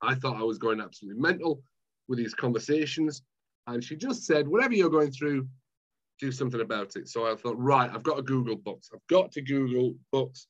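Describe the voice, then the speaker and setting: With a muffled recording and a slightly quick pace, a medium-pitched Scottish man chats as a guest. This mind management coach is a lively storyteller, acting out episodes from his own past.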